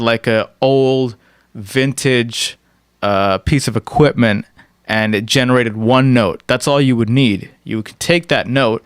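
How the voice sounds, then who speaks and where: A man's voice: medium pitch, smooth, no room sound, studio quality. A man giving a casual screen-recorded music production tutorial. He explains step by step and often checks in with "right?".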